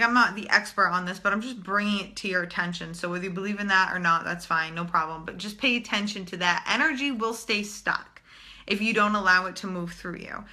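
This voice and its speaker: Blunt bright-voiced woman. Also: medium pitch. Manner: blunt, swears freely, animated. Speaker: spiritual channeler. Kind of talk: casual live-stream talk to viewers.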